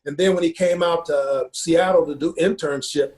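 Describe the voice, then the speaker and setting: A man with a fairly high voice tells a personal story in an earnest, unpolished way. He keeps circling back with little fillers and repeats his words as he goes. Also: steady tone, moderate pace, darkish tone. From Ohio. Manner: earnest, repeats himself, many fillers like "you know". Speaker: football coach.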